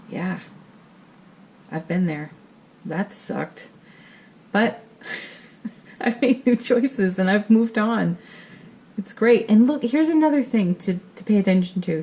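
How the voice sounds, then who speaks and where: Woman, middle-aged, tarot reader; low, warm, reassuring delivery. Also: a little hiss or hum, rough recording. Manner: gentle, soothing and reassuring. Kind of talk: spiritual tarot reading.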